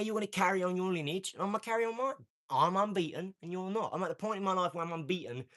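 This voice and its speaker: A brash man talks on a casual live stream, his voice sitting a little high for a man. He boasts, swears and drops slang, jumping between loud outbursts and low muttering. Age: 40s. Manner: brash, boastful, swings from shouting to mumbling.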